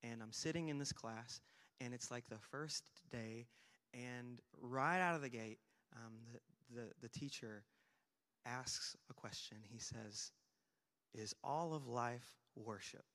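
Lively young preacher in an echoing hall. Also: male voice, medium pitch, slow pace. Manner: lively, self-deprecating storytelling with sudden loud emphasis. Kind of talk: sermon. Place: church sanctuary. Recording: long hall reverb.

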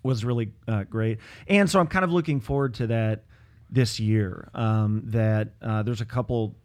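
A man's voice: on the low side, moderate pace, darkish tone. A man in his thirties, a pastor and podcast host, talking in a rambling, upbeat way with lots of fillers and restarts. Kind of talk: casual chat.

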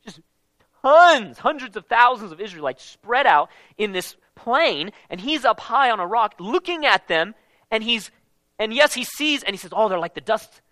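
A man preaching a casual Bible-teaching sermon in an animated, conversational way, with slang mixed in. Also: very high voice, normal speed, dry recording.

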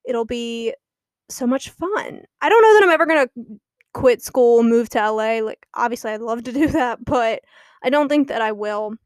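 Young woman, podcast host, casual gossipy chat, fairly high voice, dry recording. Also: animated, moderate pace, dry recording. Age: young adult. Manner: chatty and gossipy, laughing often.

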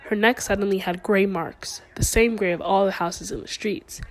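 A young woman reading her own first-person short story aloud with a quiet, slowed, dramatic delivery. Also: mid-range voice, fairly even intonation, low-quality recording.

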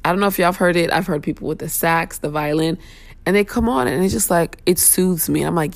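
Blunt, sassy woman ranting, gravelly low voice. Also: fairly quick, no echo. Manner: blunt, sassy, profane venting. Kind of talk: casual opinion rant.

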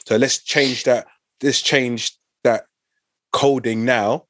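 A man's voice: mid-range voice, fairly even intonation, takes it slowly, a bit bright, no room sound. A man in casual podcast chat, earnest and opinionated, restarting his sentences often.

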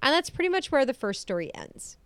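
A young woman co-hosting a podcast, chatting casually and getting excited, laughing often. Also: high-pitched, a little fast, no room sound. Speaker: podcast co-host. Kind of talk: casual chat.

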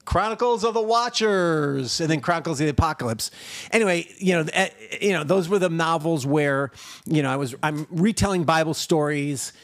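A man's voice: a little high, normal speed, dry recording, studio quality. A man on a video call, a novelist guest chatting casually and jokingly in a podcast interview. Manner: friendly, joking, animated.

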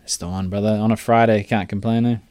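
A man's voice: lowish voice, fairly even intonation, fast talker, noisy background. Cheeky self-mocking man cold-calling. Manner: cheeky, self-mocking banter with stammered restarts. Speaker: podcast host making cold sales calls. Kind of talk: joking cold-call chat on speakerphone. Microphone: phone on speaker, recorded close.

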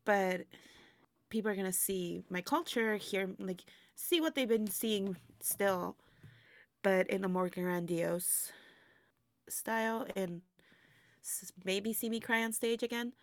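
A woman's voice: medium pitch, takes it slowly, dry recording. A woman who performs burlesque, talking reflectively in a casual interview, laughing often and using many fillers. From immigrant to the United States.

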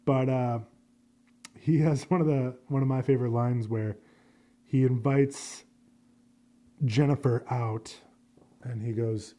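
A man's voice: medium pitch, fairly even intonation, slow, pauses often, warm tone. A man hosting a solo podcast, chatting casually in a rambling, profane, self-deprecating way. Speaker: podcast host.

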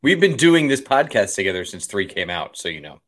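A man co-hosting a casual geek news podcast, giving opinions and quick quips. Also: on the low side, very animated, fairly bright tone. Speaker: podcast co-host.

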